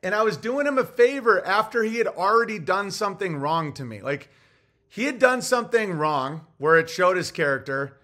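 Forceful, profane male podcast ranter. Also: high-pitched, animated, moderate pace. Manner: profane, heated storytelling. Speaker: podcast host. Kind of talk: casual ranting monologue.

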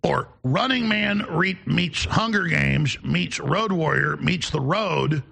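A man hosting a call-in talk show, delivering a sarcastic rant with shouted outbursts. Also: a little high, slow pace, vocal fry, husky. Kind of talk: ranting call-in show monologue.

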